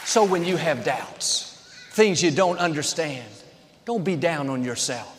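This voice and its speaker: In a long, reverberant space like a large hall, a high-pitched male pastor preaches in short, repeated phrases that build to each point. His delivery is expressive and a little slow. A faint crowd can be heard.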